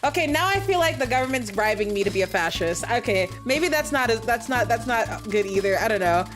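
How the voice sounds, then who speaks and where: Brief: young woman gaming streamer, rather high voice, swears freely, flips from calm reading to outraged yelling, faint music underneath. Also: fairly quick. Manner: reads game text aloud, then breaks into loud indignant outbursts; swears a lot, laughs mid-sentence. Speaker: VTuber streamer. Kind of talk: casual gameplay commentary.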